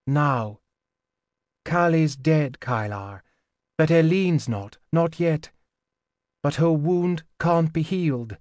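A man voicing an older woman of a religious order, gentle but firm. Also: a little high, animated, takes it slowly, pauses often, no echo, pitched above the performer's own voice.

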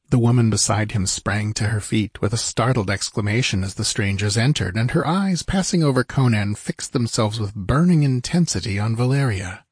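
A man reading an adventure novel aloud as audiobook narrator, measured and even. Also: mid-range voice, husky, no echo, studio quality. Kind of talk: scripted narration.

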